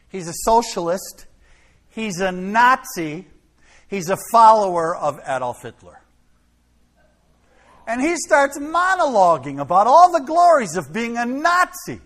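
A middle-aged man preaching, telling a story in an animated, dramatic way. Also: high-pitched. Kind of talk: sermon storytelling. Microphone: filmed by a camera operator.

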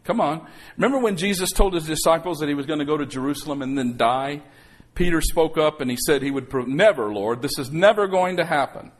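A man's voice: a little high, brisk. Preaching man, calling for amens. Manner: calls for amens, acts out quotes. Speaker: pastor. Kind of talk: sermon. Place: church sanctuary.

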